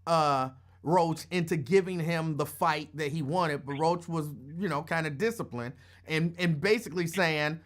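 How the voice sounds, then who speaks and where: A man hosting a casual sports talk, explaining his view in a measured way. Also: fairly high pitch. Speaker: host.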